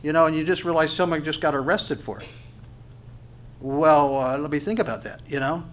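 Preacher, male, fairly high voice, poses questions then answers, restarts and repeats for emphasis. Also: steady tone, normal speed. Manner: asks questions and answers them himself. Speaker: pastor. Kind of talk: sermon with scripture reading.

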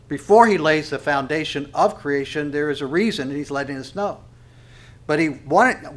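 A man preaches a sermon in a slightly raised voice. He booms out scripture quotes and then drops to a low, confiding tone for his asides. He asks the congregation rhetorical questions as he goes. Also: a bit bright.

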